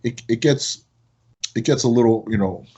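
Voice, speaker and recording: Speaking at a normal speed, the man has a breathy edge in his voice. He's a podcast guest and product company owner, talking casually and telling stories with lots of energy. Animated throughout, he rises high in pitch at his most excited moments.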